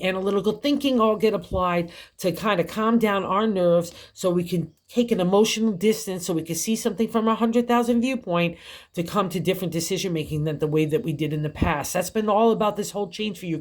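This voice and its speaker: An older woman giving a tarot reading, chatty and encouraging, laughing often as she talks. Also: mid-range voice. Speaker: tarot reader.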